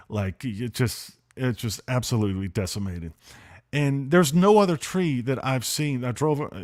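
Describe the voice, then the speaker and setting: A man hosting a casual livestream, telling a story in a lively, excited way, with many fillers and restarts. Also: medium pitch. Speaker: host.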